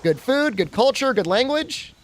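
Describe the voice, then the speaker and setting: Talking at a moderate pace, a man with a very high voice and lively intonation streams a game. He rambles casually and jokes around with his chat throughout.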